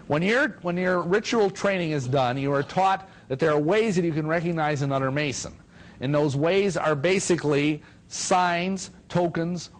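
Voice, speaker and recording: A man's voice: on the high side, poor audio. A middle-aged man giving a talk to an audience, telling stories and acting out quotes with jokes along the way. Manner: animated, jokey, acts out quotes. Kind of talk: lecture to an audience, storytelling.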